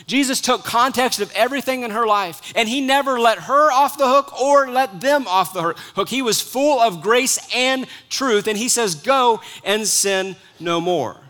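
Pastor, male, high bright voice; earnest sermon delivery with hushed dips and emphatic rises. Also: normal speed, hardly any pauses. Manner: earnest preaching, swings between soft hushed lines and rising emphatic ones.

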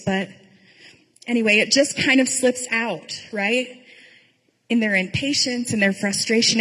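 A pastor giving a sermon in a conversational storytelling way, with dry humor. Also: female voice, on the high side, husky, long reverb tail, low-quality recording.

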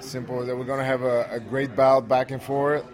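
A man's voice: mid-range voice, level tone, brisk. A man being interviewed, answering in a confident, blunt way with short statements. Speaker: interview guest, pro wrestler. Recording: noisy crowd behind.

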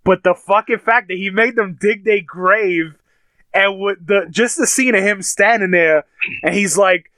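A man chatting casually, retelling TV scenes with animated, crude language. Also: high voice, normal speed, dry recording. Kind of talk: casual chat.

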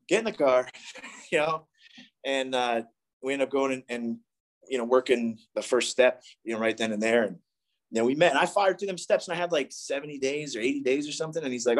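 A man's voice: medium pitch, brisk. A young man from the East Coast sharing a candid, profane, rambling recovery story with a group. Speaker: recovery meeting speaker. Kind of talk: candid personal testimony.

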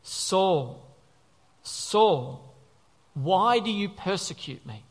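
A preacher voicing a solemn male voice from heaven, speaking slowly and drawing out the words. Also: high voice, animated, exaggerated voice. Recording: long reverb of a large hall.

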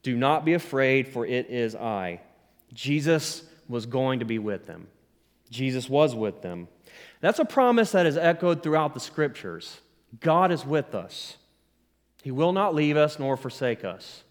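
A man's voice: mid-range voice, sing-song, measured pace. A man pastor preaching a sermon with rising emphasis, asking the congregation to respond. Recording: long hall reverb.

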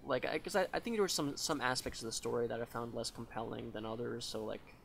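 A man's voice: mid-range voice, fast talker, vocal fry, a bit bright, slight background noise. A man co-hosting a podcast, rambling and hesitant as he chats casually about a film. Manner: rambling, hesitant, laughs easily, swears. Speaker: podcast co-host.

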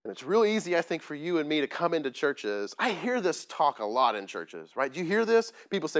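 A pastor preaches a sermon in a slightly high, sing-song voice that's a bit bright, moving a little fast with hardly any pauses. He's plain-spoken, self-deprecating, and conversational, often asking the congregation questions.

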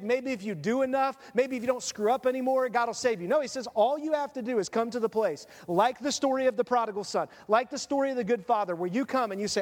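Man, pastor, middle-aged, earnest sermon, high voice, long hall reverb. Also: fast, hardly any pauses. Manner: earnest, confessional preaching.

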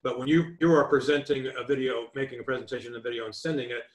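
A man's voice: mid-range voice, steady tone, racing. Instructive man in an echoey room. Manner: emphatic, instructive, list-like delivery. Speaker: real estate negotiation trainer, guest. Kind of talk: remote interview.

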